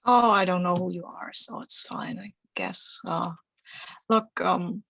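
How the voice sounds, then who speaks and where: A woman's voice: lowish voice, measured pace, vocal fry, sharp tone, no room sound. A woman playing a tabletop role-playing game, talking in a rambling, hesitant way while speaking partly in character. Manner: rambling, hesitant, full of fillers. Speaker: player. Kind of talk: casual in-character play.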